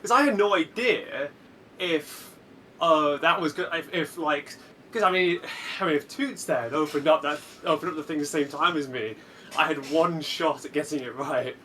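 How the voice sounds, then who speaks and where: Competitor: man, bright higher voice, eager chatter with restarts and laughs, distant mic with faint hiss. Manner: rapid, restarts a lot, laughs often. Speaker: bingo league player. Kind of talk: casual post-match chat.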